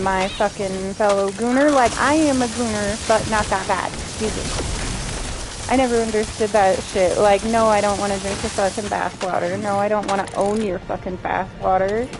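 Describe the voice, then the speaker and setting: A woman streaming a video game, chatting casually with her viewers, swearing freely, laughing often and ranting. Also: mid-range voice. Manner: profane, laughing, ranting to chat. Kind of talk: casual gameplay streaming chat. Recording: noisy background hiss.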